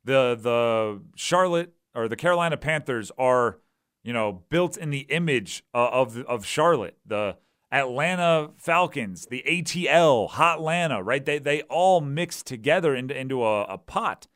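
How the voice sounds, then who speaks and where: A man hosting a sports talk radio show, animated and acting out voices as he argues his points. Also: mid-range voice, a little slow. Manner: animated, acts out quoted voices.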